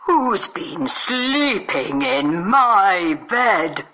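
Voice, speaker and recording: A man voicing a fussy mother bear in a storybook reading, with high, drawn-out exclaiming. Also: very animated, pushed and bright, exaggerated voice. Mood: alarmed.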